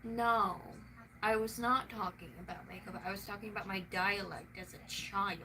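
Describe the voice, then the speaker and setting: A woman's voice: mid-range voice, steady tone, normal speed, pushed and bright. Rambling, swearing woman with a Southern twang. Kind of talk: casual chat. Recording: noisy room, mic at a distance.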